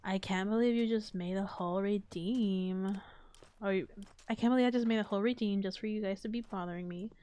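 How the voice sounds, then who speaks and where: A woman streaming a block-building game late at night, chatting casually and swearing while keeping her slightly high voice down. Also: fairly even intonation, fairly quick, mellow, smooth. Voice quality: slightly high, a little strange voice. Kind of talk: casual live-stream gameplay chat.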